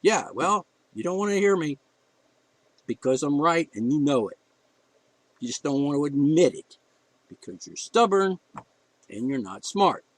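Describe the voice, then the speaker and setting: Heated, ranting man, fairly high voice. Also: big pitch swings, measured pace, pauses often, dry recording, low-quality recording. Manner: blunt, heated ranting with profanity. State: emotional. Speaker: podcast host. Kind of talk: opinion monologue.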